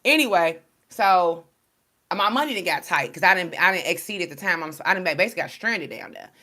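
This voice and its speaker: Blunt, profane woman with a forceful voice. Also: fairly low pitch, fairly quick. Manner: blunt, profane, slang-heavy and animated; storytelling, addressing followers as y'all. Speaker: tarot card reader. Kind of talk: casual direct-to-camera monologue.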